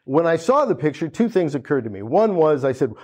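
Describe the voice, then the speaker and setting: A man in his fifties from the United States tells a comic story to a live audience. His voice sits a little high for a man, and he slips into the voices of the people he quotes. He restarts his sentences often. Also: big pitch swings, fairly quick, a little mellow, husky. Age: 50s. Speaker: speaker at a gallery opening. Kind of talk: storytelling talk.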